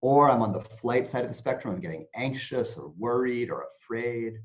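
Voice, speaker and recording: Animated man explaining, lo-fi sound. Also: medium pitch, a little fast. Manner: animated, acts out anxious inner voices. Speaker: interview guest, mindfulness teacher. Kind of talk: explanatory interview talk. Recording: dull lo-fi sound.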